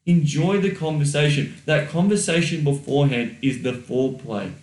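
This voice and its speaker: A man's voice: on the high side, moderate pace, a little mellow, distant mic. A man co-hosting a podcast, giving casual advice with blunt, swear-heavy talk and acted-out inner thoughts. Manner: blunt, swears freely, acts out quoted thoughts. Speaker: podcast co-host. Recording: roomy echo, a little off mic.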